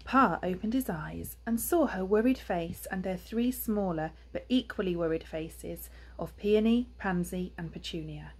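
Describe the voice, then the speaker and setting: A woman's voice: lowish voice, measured pace, few pauses, mellow, husky. A woman with an English accent, a primary school teacher, reading a children's book aloud expressively with chatty asides.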